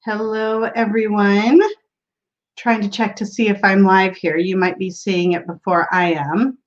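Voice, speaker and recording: A woman's voice: medium pitch, level tone, measured pace, highs cut off. A woman hosting a casual tarot livestream from a room at home, greeting viewers by name and laughing often.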